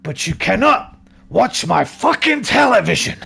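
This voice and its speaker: A man doing an impression of a gruff older film gangster, barking loud, swearing lines. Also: high voice, sing-song, unhurried, voice pushed up, exaggerated voice. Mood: shouting. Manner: loud, barked, swearing outbursts.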